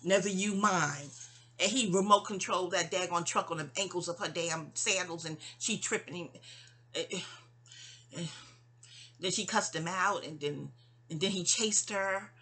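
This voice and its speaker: A middle-aged woman talks straight to her mother in a candid, meandering personal monologue. Her voice is breathy and husky yet bright and forward. She stumbles and restarts often as she drifts from one thought to the next. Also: on the low side, normal speed. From New York. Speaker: vlogger.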